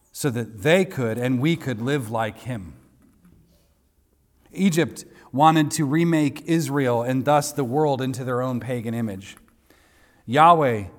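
Emphatic male preacher in a reverberant hall. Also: mid-range voice. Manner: emphatic, rising to forceful peaks. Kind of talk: sermon.

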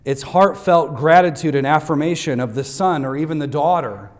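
A man's voice: fairly high pitch, normal speed. A man preaching a Father's Day sermon in a church as pastor, stressing and repeating his main points, with touches of humor for the congregation. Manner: emphatic, repeats key points for note takers; light humor aimed at the congregation. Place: church sanctuary.

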